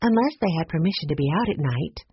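An eager, insistent girl sleuth, voiced by a woman reading a storybook. She pushes ahead impatiently with a lively, rising voice. The sound is slightly breathy and lo-fi. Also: deep voice, quick pace, exaggerated voice.

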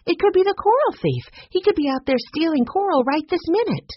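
An eager, insistent girl sleuth, voiced by a woman reading a storybook. She pushes ahead impatiently with a lively, rising voice. The sound is slightly breathy and lo-fi. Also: medium pitch, moderate pace, no room sound, pitched above the performer's own voice.

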